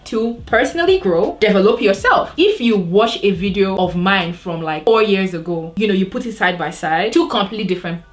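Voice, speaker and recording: A woman's voice: medium pitch, lively intonation, fairly quick, few pauses. A woman from Nigeria with a Nigerian accent, giving earnest motivational advice to camera in a vlog. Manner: earnest, advising, asks rhetorical questions. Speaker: vlogger.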